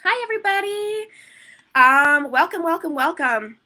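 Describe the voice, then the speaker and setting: A woman's voice: extremely high pitch, expressive, unhurried, sharp tone, rough recording. A woman newborn photographer answering questions in a live online Q&A, rambling and chatty with plenty of "like" and "um". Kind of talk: live Q&A teaching.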